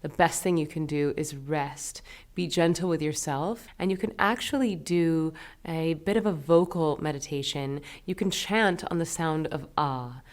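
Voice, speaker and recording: A woman teaching a meditation lesson, talking in a gentle, soothing, unhurried way. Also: sits low.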